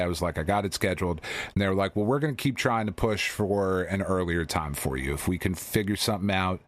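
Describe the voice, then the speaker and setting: Candid, swearing podcast co-host man. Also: low voice. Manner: candid, rambling storytelling with frequent swearing. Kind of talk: casual podcast chat.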